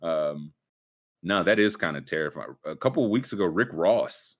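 A man co-hosting a casual comedic chat, animated and quick to slip into high-pitched impressions. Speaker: podcast co-host.

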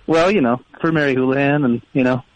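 A man's voice: medium pitch, fairly quick, fairly bright tone, no echo, low-quality recording. A man calling in to a radio show, friendly and eager as he plugs a friend's gig. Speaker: caller. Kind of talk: casual call to a radio show.

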